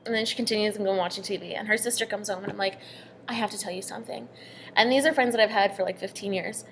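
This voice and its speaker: An earnest young woman recounts her own story in a relaxed, conversational way. Her voice sits at a middle pitch and now and then sinks into a hushed aside. A faint hum runs behind her. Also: very fast. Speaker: storyteller sharing a personal story. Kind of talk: casual personal storytelling.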